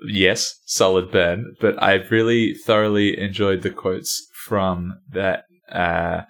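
A man's voice: sits low, flat delivery, slow pace, a bit bright. A man hosting a podcast, chatting casually in a playful, jokey way and laughing often. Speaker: podcast host. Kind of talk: casual chat.

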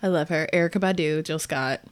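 A woman's voice: low voice, steady tone, quick pace. A woman co-hosting a podcast in casual chat, playful and easygoing as she thinks aloud. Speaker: podcast co-host.

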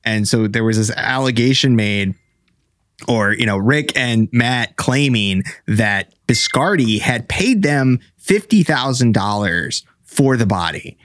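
A man's voice: medium pitch, expressive, slow pace, fairly bright tone, no echo, clean studio sound. A man co-hosting a podcast, explaining background details with many fillers in casual chat. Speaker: podcast co-host.

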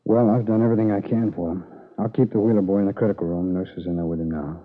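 A man's voice: lowish voice, fairly even intonation, quick pace, lightly acted. A man playing a tired, blunt hospital doctor who lectures a careless father, in an old radio drama. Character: weary, blunt middle-aged male hospital doctor. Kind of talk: 1950s radio drama acting. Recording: tinny old radio broadcast in a reverberant room.

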